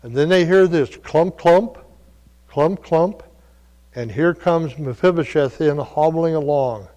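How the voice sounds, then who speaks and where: Folksy preacher in an echoing hall. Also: male voice, a little high, slow pace, lo-fi sound. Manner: folksy storytelling, shifts between soft asides and loud calls. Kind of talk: sermon. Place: church. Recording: long reverb of a church hall.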